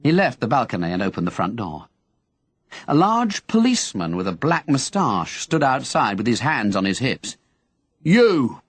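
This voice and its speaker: In this scripted narration, a male reader delivers an audiobook with expressive storytelling flair. He speaks at a moderate pace in a mid-range voice, recorded dry.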